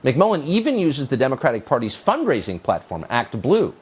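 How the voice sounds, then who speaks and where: A man's voice: huge pitch swings, fairly quick, slight background noise. A man hosting a cable news opinion segment, delivering a mocking, sarcastic monologue. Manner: mocking, sarcastic, pitch leaping on jeers.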